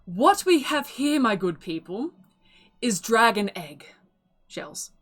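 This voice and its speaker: A woman voicing a proud female auctioneer who delivers a grandiose sales pitch to a crowd. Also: sing-song, slow, soft background music, exaggerated voice. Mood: grand. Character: proud, showy woman auctioneer hawking wares.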